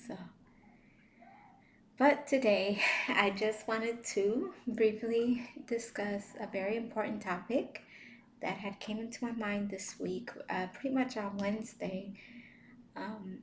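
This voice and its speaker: A woman giving a casual devotional talk as a vlogger, gentle and unhurried, with many fillers and soft laughs. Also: mid-range voice, steady tone, echoey room, slight background noise. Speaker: vlogger sharing faith reflections.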